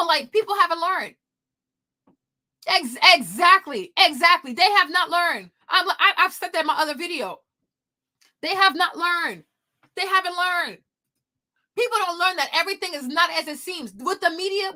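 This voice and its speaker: High bright-voiced emphatic woman commentator. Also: moderate pace. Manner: emphatic, repetitive, rhetorical questions. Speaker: commentary vlogger. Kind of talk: opinionated political commentary. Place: home.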